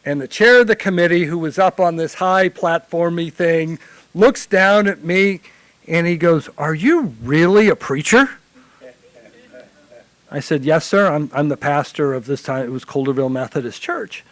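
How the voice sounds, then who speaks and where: Lively storytelling man chaplain, dry sound. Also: a little high, normal speed, no room sound, low-quality recording. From Illinois. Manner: animated anecdotal storytelling. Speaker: hospital chaplain. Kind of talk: conference panel storytelling.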